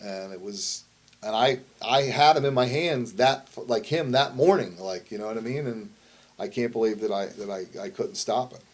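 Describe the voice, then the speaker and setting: A man's voice: fairly low pitch, normal speed. Blunt, foul-mouthed middle-aged man. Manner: blunt, heavily profane, rambling. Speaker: wrestler and promoter. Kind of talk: shoot interview storytelling.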